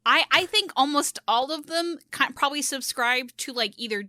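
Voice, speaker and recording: A woman YouTuber chatting casually on a gaming podcast, animated and quick to laugh. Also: sits high, no room sound, clean studio sound.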